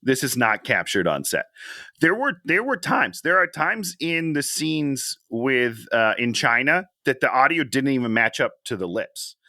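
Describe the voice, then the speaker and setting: A man's voice: medium pitch, sing-song, unhurried, bright, forceful tone, no echo, studio quality. A man co-hosting a casual movie-review podcast, joking and sarcastic as he picks a film apart. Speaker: podcast co-host.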